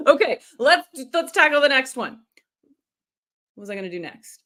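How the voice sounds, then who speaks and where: A middle-aged woman runs a live storytelling lesson. Her voice sits a little high and sounds bright. She keeps things animated, demonstrates voices and answers viewer comments as they come in. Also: normal speed, pauses often. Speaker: storytelling coach. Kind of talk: live-streamed training.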